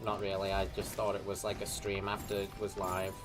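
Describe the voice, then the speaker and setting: Joking, excitable man gaming live. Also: low voice, brisk, over music. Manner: jokey, laughs often, bursts into loud exclamations. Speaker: streamer playing a game. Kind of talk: casual chat while gaming.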